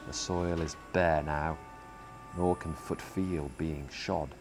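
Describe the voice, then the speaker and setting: A man giving a slow, dramatic reading of a poem, weighing each stressed word. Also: very deep voice, steady tone. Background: soft music.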